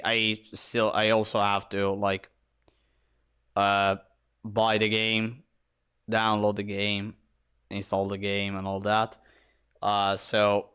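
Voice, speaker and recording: Tired, halting man streamer. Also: lowish voice, fairly bright tone, smooth. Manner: halting, friendly, repeats himself. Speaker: game streamer. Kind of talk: casual stream sign-off.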